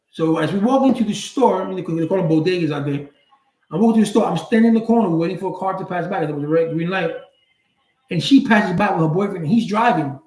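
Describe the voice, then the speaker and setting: A man telling a personal story in a casual, blunt way, with street slang and swearing. He acts out the other people's lines with sudden jumps in pitch. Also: a little fast, echoey room, rough recording. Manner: animated, acts out quoted dialogue with big pitch jumps. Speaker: channel host.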